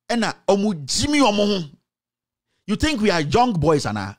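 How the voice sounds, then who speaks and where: A man's voice: high voice, sing-song, a little slow, long pauses. A man with a Ghanaian accent giving heated political commentary, scolding and emphatic, mixing in Twi phrases.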